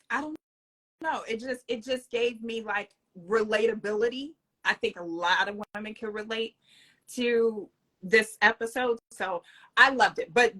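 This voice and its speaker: A woman's voice: on the high side, sharp tone. A middle-aged woman co-hosting a casual chat, talking in an emphatic, chatty way. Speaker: co-host.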